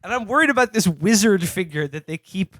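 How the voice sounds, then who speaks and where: A man's voice: sits high, lively intonation, brisk, a bit bright, no echo. A man playing a comedic tabletop game, exasperated and mock-formal in his banter. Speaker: player.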